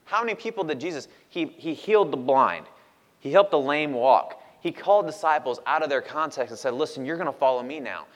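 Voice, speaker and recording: A man preaching a sermon as a pastor, moving from loud, emphatic questions to hushed asides and acting out the voices of people in his stories. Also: fairly high pitch, expressive, a little fast, big-room sound.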